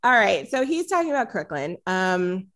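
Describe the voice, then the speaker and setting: A woman's voice: medium pitch, big pitch swings, moderate pace, fairly bright tone. A woman hosting a casual film-review podcast, rambling, self-correcting and laughing often. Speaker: podcast host.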